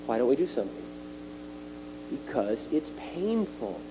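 A middle-aged man preaching a sermon at a retreat, animated and emphatic, his voice jumping up on key words. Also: mid-range voice, measured pace. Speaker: speaker at a retreat. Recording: dull lo-fi recording with faint mains hum.

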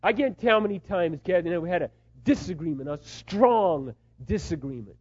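A middle-aged man preaching a sermon, moving between hushed, tender asides and loud, impassioned pleas. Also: sits high, lively intonation, brisk, dull audio. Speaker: pastor.

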